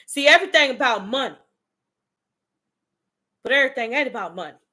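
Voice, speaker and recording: A woman's voice: high voice, bright, forceful tone. A woman giving a fiery motivational monologue, blunt and profane, calling out her listeners directly and preaching tough love. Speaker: motivational speaker.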